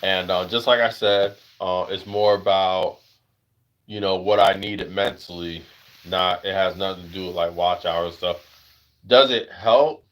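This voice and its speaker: An American man hosting a casual livestream chat. He rambles with lots of fillers and jumps into high-pitched voices when he acts out other people. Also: steady tone, measured pace, a bit bright. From United States. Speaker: livestream host.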